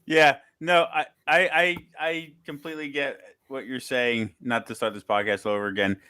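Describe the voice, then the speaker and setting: A man's voice: medium pitch, steady tone, pushed and bright, smooth, no room sound, studio quality. A man hosting a casual podcast chat, who stumbles and repeats words before finding his point. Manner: halting, repeats words before getting going.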